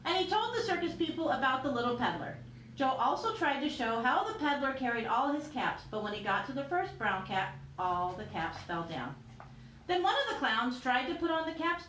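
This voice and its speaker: Animated woman reading a storybook aloud. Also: a little high, moderate pace. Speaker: teacher. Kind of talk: reading a picture book aloud. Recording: roomy echo with faint noise.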